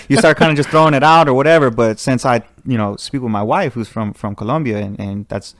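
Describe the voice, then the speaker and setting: A man in casual podcast chat, a teacher who tells stories with energy and laughs often. His voice sits at an ordinary pitch. The recording is dry and close. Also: a little fast, few pauses, no room sound. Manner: animated, laughing, jokes in put-on voices.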